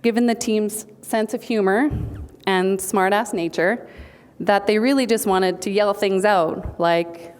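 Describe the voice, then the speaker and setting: A woman's voice: mid-range voice, fairly even intonation, measured pace, clear, resonant tone, faint music behind. Woman, mid-range voice, witty punning acceptance speech read from notes. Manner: playful punning delivery. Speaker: speaker accepting an award for a team. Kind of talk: humorous prepared speech. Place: banquet hall.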